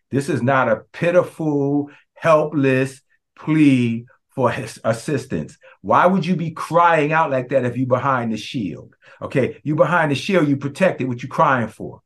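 A man, a pastor preaching a sermon, who prays in a hushed voice and then preaches with passion, often calling out to his congregation. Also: mid-range voice, animated, normal speed. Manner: impassioned preaching that turns to the congregation; hushed, prayerful delivery.

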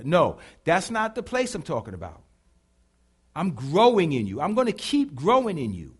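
Man, pastor, lively sermon, high voice, call-and-response, sudden shouts. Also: brisk. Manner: animated call-and-response preaching, bursts into shouts.

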